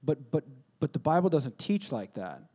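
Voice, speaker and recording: A man preaching from the pulpit with a fairly high voice. He swings between loud, emphatic bursts and low, hushed asides. He acts out both sides of conversations as he teaches. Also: very animated, normal speed. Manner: acts out conversations, asking and answering himself. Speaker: pastor. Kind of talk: sermon.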